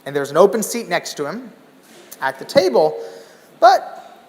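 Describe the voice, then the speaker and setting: A man giving a keynote talk, telling a story with lively, acted-out exclamations. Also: high voice, measured pace, big-room sound. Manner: animated, acts out scenes with loud exclamations. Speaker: keynote speaker. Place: large hall.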